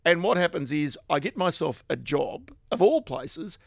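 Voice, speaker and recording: A middle-aged Australian man recounts his early career in an animated, anecdotal way, chuckling at his own stories. His voice sits a little high with a gravelly rasp. The sound is close and dry. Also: normal speed, dry recording. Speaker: guest, finance journalist. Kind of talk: casual storytelling interview.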